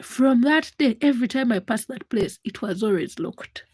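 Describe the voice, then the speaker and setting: Young woman with a husky voice and a slightly high pitch, live-stream host spinning an animated personal story. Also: normal speed, dry recording. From Uganda. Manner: animated storyteller who acts out the voices of people in her story. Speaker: livestream host. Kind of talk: casual storytelling.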